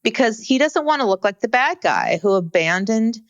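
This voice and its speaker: Wry woman podcast co-host, lively pitch. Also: normal speed, dry recording, dull audio. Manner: wry, sardonic, narrates scenes. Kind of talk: casual TV recap chat.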